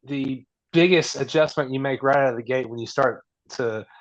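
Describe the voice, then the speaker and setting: Laid-back racing driver, dull lo-fi sound. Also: male voice, mid-range voice, moderate pace. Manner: laid-back, laughs easily. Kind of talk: casual chat.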